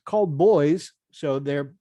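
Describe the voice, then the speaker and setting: A man's voice: on the high side, slow, mellow, dry recording, muffled recording. A man co-hosting a casual tabletop hobby livestream, chatting and laughing often. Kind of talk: casual chat.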